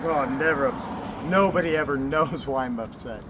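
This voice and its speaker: In a medium-pitched voice at normal speed, a man of 40 or older from the American Southwest gives a rambling, candid personal vlog. He swears, laughs often and talks in short bursts, with background noise audible.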